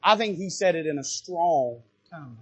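A man preaching a sermon from a church pulpit, moving between quiet asides and loud, rising bursts of passion. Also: on the high side, lively intonation, a little slow, husky. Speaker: pastor. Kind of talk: fiery sermon.

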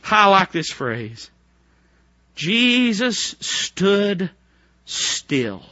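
A man preaches a fervent revival sermon, his high voice leaping up and down as he moves from hushed pleading to near shouts. His tone is bright and forceful, and the recording is dry and a little dull. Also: sing-song, very slow, dry recording. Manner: fervent, swings from hushed to shouting, rhetorical questions.

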